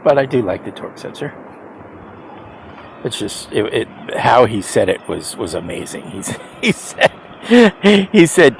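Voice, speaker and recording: Older guy over 50 talking slow and easy outside, lots of chuckles and restarts, bit of traffic hum behind. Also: medium pitch, very animated, creaky. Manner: chuckles often, halting restarts, emphatic repeats. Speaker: e-bike rider vlogger. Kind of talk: casual rambling monologue.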